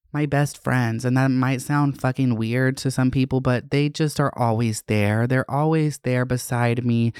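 A man in his twenties rambles through a frank personal vlog, cursing freely as he talks. His voice is smooth and clear, recorded dry and close. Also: medium pitch, no room sound. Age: 20s. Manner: candid, profane, rambling. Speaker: vlogger.

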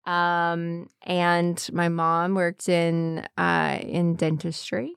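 A woman's voice: fairly low pitch, drawn-out words, vocal fry, clear, resonant tone, dry recording, studio quality. A woman with a slight Southern American accent co-hosting a casual podcast, telling stories with lots of laughter and restarts. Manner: giggly, animated storytelling with restarts. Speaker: podcast co-host. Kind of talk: casual chat.

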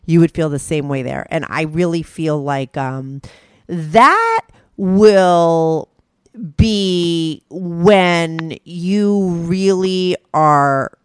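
A woman's voice: lowish voice, animated, very slow, clean tone, dry recording. A woman hosting a candid conversation, giving frank, direct advice.

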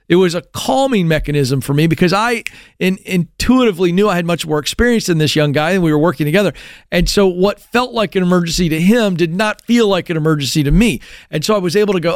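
High-voiced male host, animated storytelling. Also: fast talker, no echo, studio quality. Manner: animated storyteller with frequent restarts and acted exclamations. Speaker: radio show host. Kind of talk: talk show monologue.

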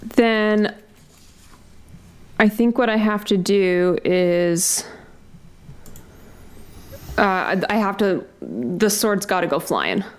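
A woman's voice: mid-range voice, animated, slow, pauses often, smooth. A woman playing a tabletop game, chatty and a little hesitant. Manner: chatty, hesitant, laughs often. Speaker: player. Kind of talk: casual tabletop play.

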